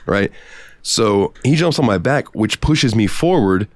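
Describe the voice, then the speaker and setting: Man, podcast co-host, very low voice, dry close sound, swearing storyteller. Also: unhurried, no room sound. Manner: profane, animated anecdote-telling. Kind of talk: casual storytelling.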